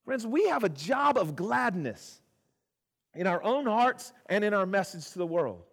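This pastor's voice sits high but is creaky and slightly rough, with big pitch swings and a slightly slow pace. His sermon is conversational, full of asides to the congregation and phrases repeated for emphasis, moving from loud to hushed. The hall gives a long reverb.

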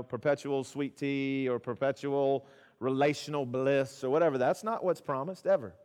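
Pastor guy preaching, chatty, talks to the crowd, long church echo. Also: on the high side. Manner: conversational preaching with asides to the congregation; repeats phrases for emphasis, swings from loud to hushed. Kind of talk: sermon. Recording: long hall reverb.

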